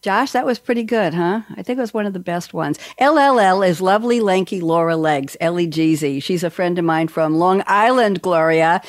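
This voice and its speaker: A woman hosting a lively radio talk show, playful and jokey as she chats with guests. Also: on the low side, moderate pace, hardly any pauses, no room sound, studio quality.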